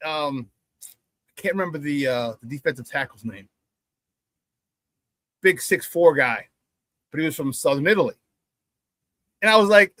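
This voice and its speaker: A middle-aged man hosts a sports talk show with a lively storyteller's delivery. His voice sits high for a man and is recorded close and dry in a studio. He leans hard into emphasis when he acts out old conversations. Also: moderate pace, long pauses, no echo. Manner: animated storyteller, acts out quoted banter loudly, laughs often.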